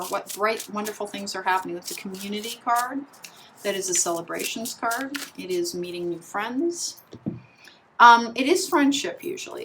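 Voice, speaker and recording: A woman's voice: mid-range voice, a bit bright, slight background noise, low-quality recording. Chatty woman giving a tarot reading. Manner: chatty, meandering, full of "like" and restarts. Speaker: tarot reader. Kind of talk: pick-a-card tarot reading.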